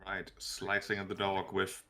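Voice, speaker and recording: A man with a low voice describing his moves in an online tabletop game. He speaks in a measured, dry way. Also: completely flat delivery, pushed and bright. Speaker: player. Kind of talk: casual tabletop play.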